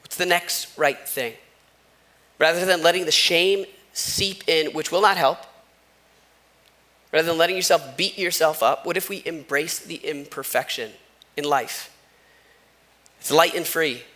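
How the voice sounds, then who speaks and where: A man delivers a sermon in a relaxed, conversational way and tells stories with little asides. His voice sits a bit high and has a bright, forceful edge. He sounds like a pastor talking to his congregation. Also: measured pace, long pauses. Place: church sanctuary. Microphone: wireless microphone.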